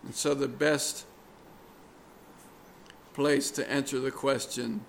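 Slow, earnest man preaching a sermon. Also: medium pitch, steady tone, creaky, a little hiss or hum. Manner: slow, deliberate and earnest, pressing key words.

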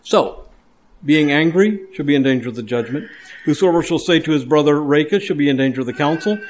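A man preaches a sermon in an earnest, emphatic way, circling back over his words and restarting phrases as he builds a point. His voice sits a little higher than most men's. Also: lively intonation, fairly quick, slight background noise. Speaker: pastor.

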